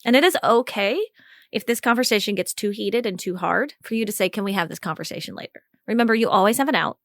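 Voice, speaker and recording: A woman's voice: medium pitch, quick pace, no room sound, studio quality. A woman hosting a live coaching call, chatty and encouraging, laughing often as she guides the talk. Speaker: podcast host and communication coach.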